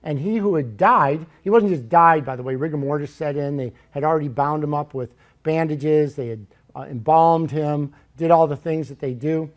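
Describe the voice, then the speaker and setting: Higher-voiced man preaching a lively sermon. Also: moderate pace. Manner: lively, joking storyteller. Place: church.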